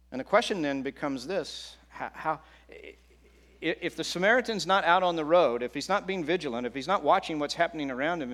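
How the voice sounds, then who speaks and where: A middle-aged pastor delivers a sermon conversationally, frequently asking the congregation questions. His voice is slightly high with a fairly bright tone.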